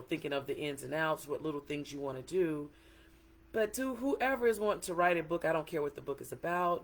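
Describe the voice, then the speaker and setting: A middle-aged woman author in a casual livestream talk, excited and chatty, greeting viewers by name. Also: deep voice. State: a little emotional.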